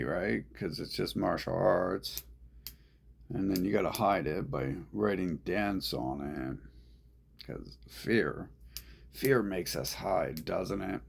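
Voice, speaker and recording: A man with a low, gravelly voice drifts through a slow, rambling monologue. He is profane and repetitive, circling back over his own words. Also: slight background noise. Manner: meandering, profane, repeats himself. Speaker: vlogger.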